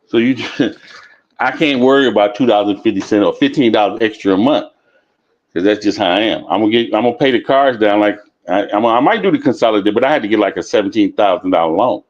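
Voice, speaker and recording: A man's voice: lowish voice, fast. Blunt, profane man in a dull recording. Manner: blunt, profane, repeats himself while telling stories. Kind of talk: casual chat. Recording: dull lo-fi sound.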